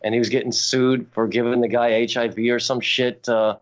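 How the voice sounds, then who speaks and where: A man's voice: medium pitch, brisk. Guy rambling thru a profane story, podcast guest, kinda muffled lo-fi audio. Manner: rambling, profane, animated anecdotes. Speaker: guest artist.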